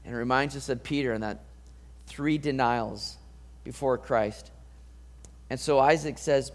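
A man preaching a sermon, reading scripture and acting out the people in the story with lively commentary. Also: medium pitch, unhurried, pauses often. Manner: animated, acts out voices of the people in the story. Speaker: pastor.

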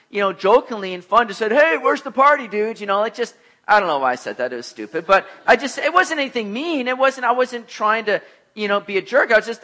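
A middle-aged man preaching a sermon, telling lively personal stories and acting out the voices of the people in them. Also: very high-pitched. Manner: animated storyteller, acts out voices, laughs at himself. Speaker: pastor.

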